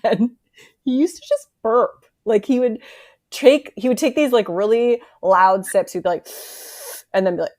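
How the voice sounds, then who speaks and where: A woman's voice: fairly high pitch, moderate pace, a little mellow. A woman guest in a casual podcast chat, hesitant with many fillers and easy laughs.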